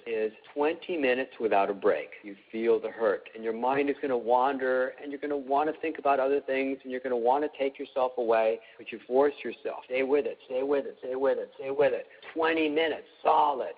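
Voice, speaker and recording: A middle-aged man teaching an emotional healing class, speaking calmly and instructively, repeating points for emphasis. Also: mid-range voice. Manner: calm, instructive, repetitive emphasis. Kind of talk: live online class talk. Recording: tinny phone-like line.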